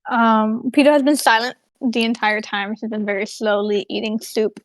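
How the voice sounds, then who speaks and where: A woman playing a tabletop game, describing her quiet character in detail. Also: fairly high pitch, level tone, normal speed, no echo. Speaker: player.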